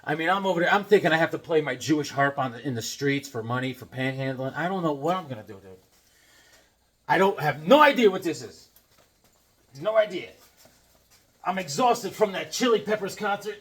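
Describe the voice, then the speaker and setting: A man's voice: fairly high pitch, very animated, moderate pace, pauses often, breathy edge. A middle-aged man chatting casually on his comic book vlog, rambling and joking and repeating himself as he unboxes a package.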